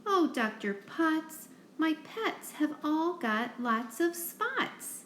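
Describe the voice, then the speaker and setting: A woman's voice: high voice, very animated, slow pace, a bit bright, slight background noise, pitched above the performer's own voice, exaggerated voice. A woman voicing a worried man who owns many pets, pleading and listing his troubles in a sing-song way. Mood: anxious. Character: fretful pet owner man, worried. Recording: roomy echo.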